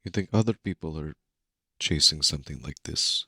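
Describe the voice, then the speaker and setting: Very deep gravelly man, earnest role-play. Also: moderate pace, bright, forceful tone, dry recording, clean studio sound. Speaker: player in a tabletop game.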